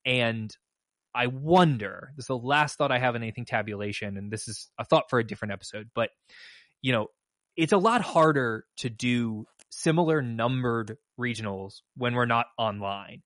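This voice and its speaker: A man's voice: mid-range voice, lively intonation, normal speed, a bit bright, no echo. A man co-hosting a podcast, talking through results in an analytical, emphatic and slightly wry way. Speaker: podcast co-host and mock trial coach. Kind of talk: casual podcast chat.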